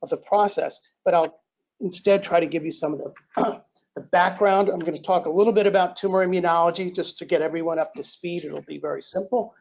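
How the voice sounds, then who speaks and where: An older man giving an invited academic lecture in a relaxed, self-deprecating way, often clearing his throat and restarting sentences. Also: high voice, brisk. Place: lecture hall. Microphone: handheld or podium mic. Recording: dull lo-fi lecture recording.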